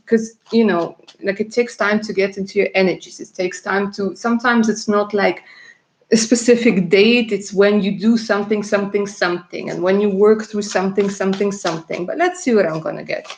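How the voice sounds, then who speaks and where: A woman from Russia doing live-stream tarot readings, chatty and warm in her words, laughing often and calling viewers darling. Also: mid-range voice. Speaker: tarot reader.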